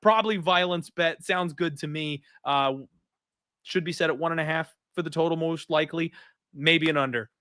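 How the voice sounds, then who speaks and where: Blunt, fast-talking podcast host man. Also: a little high, no room sound, clean studio sound. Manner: animated, blunt, opinionated. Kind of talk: casual betting podcast chat.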